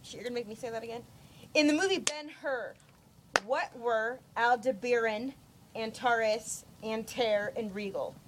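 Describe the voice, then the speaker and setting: A woman's voice: fairly high pitch, unhurried, slight background noise. A woman acting as quizmaster, reading out trivia questions in casual chat and apologizing readily. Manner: reads questions, apologetic, giggly.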